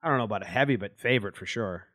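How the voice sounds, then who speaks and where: A man's voice: on the low side, racing, fairly bright tone, no room sound, clean studio sound. A man co-hosting a casual baseball podcast, speaking in an offhand, loose way and swearing freely. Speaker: podcast co-host. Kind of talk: casual sports chat.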